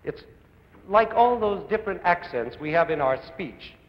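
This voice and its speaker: A man's voice: high voice, lively intonation, moderate pace. A man giving an earnest, rhetorical music lecture to a young audience, building his points in long lists. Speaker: conductor and music educator. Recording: dull old broadcast audio in a large hall.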